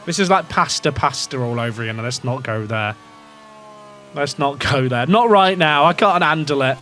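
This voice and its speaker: A man's voice: mid-range voice, expressive, moderate pace, pushed and bright, soft background music. A young English man casually commentating a racing management game, rambling and questioning himself as he talks to his chat. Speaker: gaming streamer.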